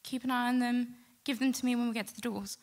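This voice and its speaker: A middle-aged woman telling a personal story to a live audience, animated and acting out the quotes. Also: on the high side, fast talker. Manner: lively, animated retelling with acted-out quotes. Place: stage before a live audience.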